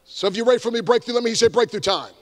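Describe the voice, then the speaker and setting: A man, an evangelist giving an energetic motivational talk to a live audience, with shouted call-and-response. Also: very high voice, racing, a little hiss or hum. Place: large room before a live audience.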